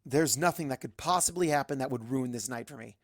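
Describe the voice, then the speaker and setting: A man narrating a fan-fiction story in first person, with a brisk, wry, chatty delivery. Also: mid-range voice, dry recording, clean studio sound. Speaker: fanfic reader.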